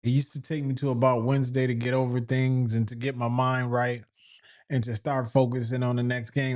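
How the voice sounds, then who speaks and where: A man in the middle of a sports opinion rant, his voice warm and mellow in tone. He sounds exasperated and keeps asking rhetorical questions, circling back over the same points. His pitch sits in an ordinary middle range. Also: level tone, fairly quick. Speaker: football fan commentator.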